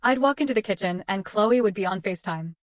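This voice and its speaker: A young adult woman narrating a first-person story in a measured, clipped, dramatic way. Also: medium pitch, lively intonation, no room sound.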